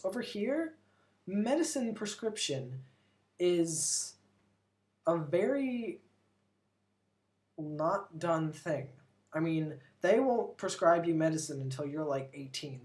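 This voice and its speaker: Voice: mid-range voice, darkish tone. Chatty American vlogger, rambling. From United States. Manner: chatty, rambling, full of "like", opinionated. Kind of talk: casual vlog rambling. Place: lives abroad in Britain.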